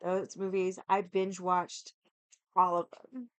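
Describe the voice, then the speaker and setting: Hoarse, rambling young woman streamer. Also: lowish voice, level tone, slow, no room sound. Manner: rambling, heavy use of "like". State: hoarse from yelling. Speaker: livestreamer. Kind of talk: casual chat.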